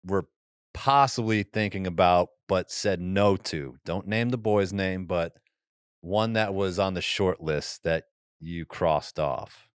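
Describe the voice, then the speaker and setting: Deep-voiced man with a slight lisp. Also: slow, clean tone, dry recording, clean studio sound. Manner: playful, teasing banter. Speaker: podcast host. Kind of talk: casual chat. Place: studio.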